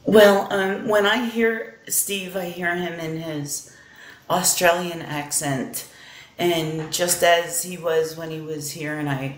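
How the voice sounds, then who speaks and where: A woman hosting as a psychic medium, talking in a slow, halting way with many fillers. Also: deep voice. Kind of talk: casual talk show chat. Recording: echoey room.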